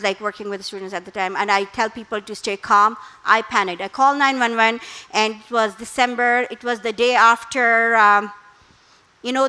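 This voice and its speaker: A middle-aged woman, a therapist, speaking as a guest speaker on parenting, calm and instructive. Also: fairly high pitch, rough recording. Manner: calm, instructive, with acted quotes. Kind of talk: parenting talk.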